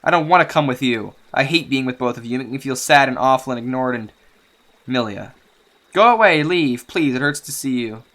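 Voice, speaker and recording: A man's voice: mid-range voice, quick pace, a bit bright, close to an everyday voice. A man voicing a timid, fearful young girl who pleads with her parents. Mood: distraught.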